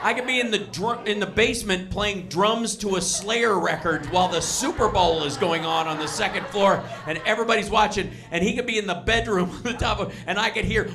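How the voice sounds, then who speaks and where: A man performing a stand-up comedy set in a restaurant, telling exasperated stories with loud bursts. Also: high voice, fairly quick, few pauses. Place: restaurant comedy show with live crowd. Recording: live room with crowd noise.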